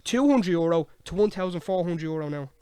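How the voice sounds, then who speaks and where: A young Irish man hosting a casual late-night podcast, ranting in an animated, sweary way. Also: a little high, a little fast, clear, resonant tone, no room sound. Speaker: podcast host.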